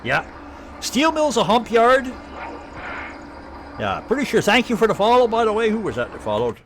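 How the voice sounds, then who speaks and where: A man's voice: sits high, huge pitch swings, moderate pace, fairly bright tone, a little hiss or hum. A man from Canada with an Ottawa Valley accent, rambling and chatting casually as he streams live gameplay commentary. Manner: rambling, chatty, thinking aloud.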